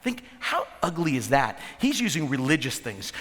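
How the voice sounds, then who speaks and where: A man preaching a lively sermon as pastor, grew up in the northern US, with quick repeats and asides to the congregation. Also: medium pitch. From northern United States. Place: large church hall. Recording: church hall reverb with soft music.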